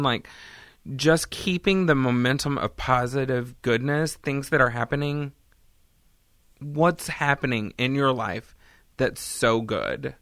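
A comedian hosting a casual chat, rambling and joking with quick tangents. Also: mid-range voice, fairly bright tone, dry recording, clean studio sound. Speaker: comedian and host.

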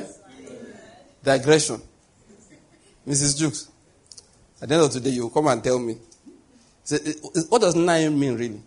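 Husky-voiced man preaching a sermon. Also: mid-range voice. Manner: conversational preaching, rhetorical questions. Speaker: pastor.

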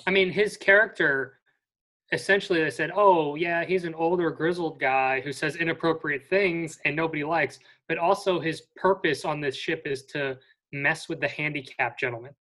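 A co-host talking through a film on a casual podcast. The voice is mid-pitched, and the delivery is conversational and reflective. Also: normal speed, fairly bright tone. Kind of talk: casual movie review chat.

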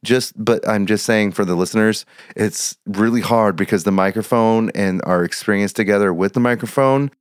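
A man's voice: lowish voice, normal speed, hardly any pauses, clean tone, no room sound, studio quality. A man in casual podcast chat as a tabletop game player, rambling and restarting his sentences, laughing often, talking into a headset microphone.

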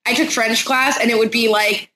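A woman from New Jersey, co-hosting a podcast in animated, self-deprecating chat. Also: fairly high pitch, normal speed. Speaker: podcast co-host. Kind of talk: casual chat. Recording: echoey room with faint hiss.

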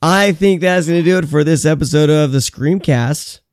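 Smooth-voiced man hosting a podcast. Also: fairly high pitch, moderate pace, a little mellow, no room sound, clean studio sound. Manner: loose and joking, with frequent fillers. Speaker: podcast co-host. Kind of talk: casual chat.

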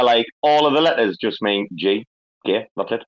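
A man's voice: medium pitch, animated, brisk, muffled recording. Sweary English man laughing through stories. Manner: profane, laughing, storytelling with a northern English slang. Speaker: host. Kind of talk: casual crypto community chat.

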